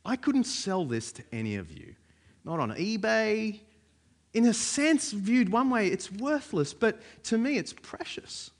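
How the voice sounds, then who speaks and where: A man's voice: high voice, a little slow. Aussie guy preaching, chatty with lots of ums, voice jumps all over. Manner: lively, conversational, frequent fillers. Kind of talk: sermon.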